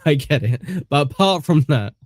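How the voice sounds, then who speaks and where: A man's voice: a little high, expressive, moderate pace, no room sound, clean studio sound. A British man from England hosting a podcast, rambling casually with lots of fillers and self-deprecating asides. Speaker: podcast host. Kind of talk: casual chat.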